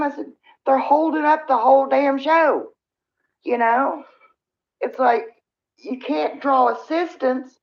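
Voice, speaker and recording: Middle-aged virginia lady rambling on a livestream, gravelly voice, dull lo-fi audio. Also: high voice. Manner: rambling, venting, frequent sighs. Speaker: livestream host. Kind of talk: casual livestream chat with viewers.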